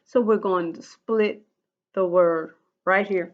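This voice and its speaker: A woman teaching young children in a recorded lesson, speaking slowly and patiently. She drills each rule by repeating it, and her voice comes through a dull, lo-fi recording. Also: lowish voice, fairly even intonation. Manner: slow, patient, repeats rules in a sing-song drill. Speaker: first grade teacher.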